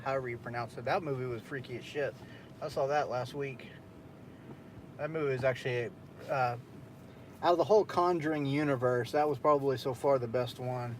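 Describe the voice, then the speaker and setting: A man's voice: mid-range voice, a little hiss or hum. A young man hosting a casual late-night stream, telling a story in a loose, profane way with frequent laughs. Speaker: streamer host.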